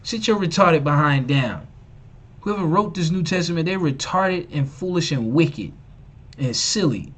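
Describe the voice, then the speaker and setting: Emphatic, scornful male livestream preacher with a slangy delivery and a slightly raised pitch. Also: lively intonation, unhurried, a bit bright. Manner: emphatic and repetitive, mocking, slangy. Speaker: online preacher and teacher. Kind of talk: live-streamed preaching.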